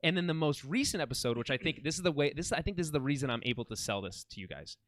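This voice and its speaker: A podcast co-host talks casually and enthusiastically about a TV series, his rather high voice animated, very fast, and a bit bright on a dry recording. He rambles, often restarting his sentences, in this film and TV chat.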